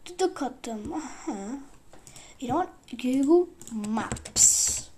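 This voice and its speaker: Young woman, high-pitched, excitable, rambling vlog chatter, sudden whispers. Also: measured pace, slight background noise. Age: about 20. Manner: excitable, swings between loud outbursts and whispers. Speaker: vlogger.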